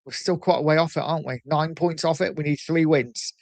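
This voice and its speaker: A man hosting a casual livestream, reading out viewer comments in a chatty, animated way with frequent ums. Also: on the high side, fairly quick, vocal fry, no echo. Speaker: livestream host reading chat. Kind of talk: casual live chat.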